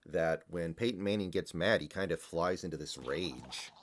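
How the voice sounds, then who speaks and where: A man's voice: low voice, moderate pace, a little hiss or hum. A man on a live stream chatting casually and telling stories, with frequent swearing. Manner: profane, storytelling. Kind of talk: casual chat.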